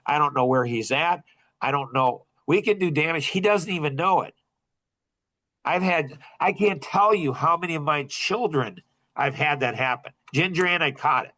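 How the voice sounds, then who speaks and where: A middle-aged man leading a coaching group, telling a personal story in a casual, animated way with frequent laughter. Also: fairly high pitch, moderate pace.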